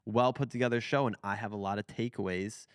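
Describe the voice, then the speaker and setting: Smooth-voiced young man hosting a podcast. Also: fairly low pitch, steady tone, fast talker, no room sound, studio quality. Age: 20s. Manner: chatty, rambling, frequent fillers and restarts. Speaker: podcast host. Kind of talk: casual podcast conversation.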